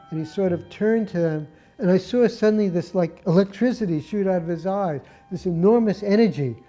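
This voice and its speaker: A man's voice: high voice, warm tone. An older man, a film set photographer, telling stories from past shoots in an interview and acting out remembered quotes. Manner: anecdotal, acts out remembered quotes. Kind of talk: storytelling interview.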